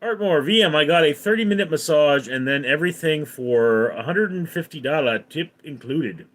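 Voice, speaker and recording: A man's voice: fairly high pitch, animated, moderate pace, a bit bright. A man hosting a casual live stream, reading viewer comments aloud and answering them offhandedly. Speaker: livestream host.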